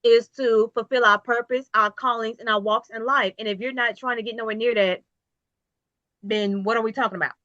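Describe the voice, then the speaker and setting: Interview guest: woman, business owner, bright, dry dull lo-fi sound, emphatic motivational delivery. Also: fairly high pitch, fairly even intonation, fairly quick, no echo. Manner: emphatic, repetitive, preachy motivational. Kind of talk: casual interview talk.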